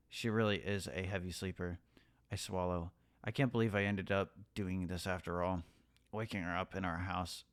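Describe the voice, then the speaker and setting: A man playing a story game, reading its text aloud in a hushed voice and breaking off to swear and react. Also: dry recording. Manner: reads the story in a hushed, low voice, breaking into swearing and alarmed outbursts. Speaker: gaming YouTuber. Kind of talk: reading a visual novel aloud while playing.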